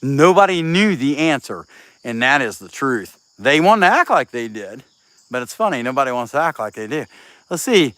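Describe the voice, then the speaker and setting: A man's voice: medium pitch, very animated, normal speed, a bit bright, dry recording. A middle-aged man chatting casually on a livestream while he carves. He reads viewer comments aloud in a laid-back way and sounds a little sniffly from a cold. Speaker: chainsaw carver streaming live. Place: outdoor workshop.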